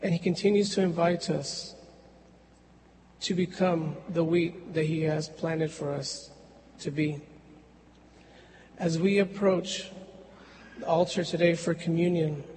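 Man giving a sermon, slow and paced out, higher pitched guy, echoey church with faint background hum. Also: steady tone, darkish tone. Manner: slow, measured preaching with long pauses. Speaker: preacher.

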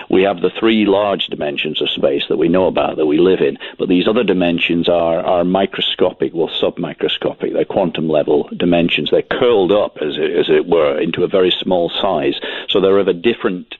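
A man with a Scottish accent explaining science as a radio guest, measured and careful. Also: low voice, husky, dry recording. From Scotland. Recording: dry, narrow phone line.

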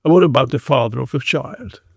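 Guy playing a gruff cop, stern but kind underneath, dark mellow tone. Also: mid-range voice, fairly quick, no echo, clean studio sound. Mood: concerned. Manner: growling, stern then sympathetic. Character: gruff but kindly middle-aged male constable.

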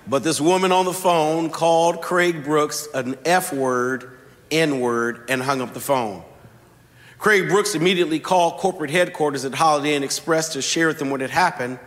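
A man preaching a sermon, telling a story with slow, deliberate emphasis. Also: on the high side, fairly bright tone. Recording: long hall reverb.

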